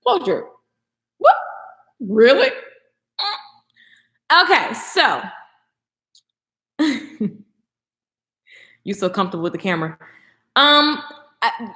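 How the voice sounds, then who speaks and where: Animated woman live streaming in an echoey room. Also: mid-range voice. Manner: animated and slangy, laughs often, talks to viewers. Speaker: live stream host, beauty professional. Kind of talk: casual live stream chat. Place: echoey room, home at night.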